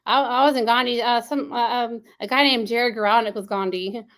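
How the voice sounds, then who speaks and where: A woman's voice: on the high side, steady tone, moderate pace, a bit bright. A woman being interviewed as a guest, rambling with many restarts and fillers. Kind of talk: casual interview talk.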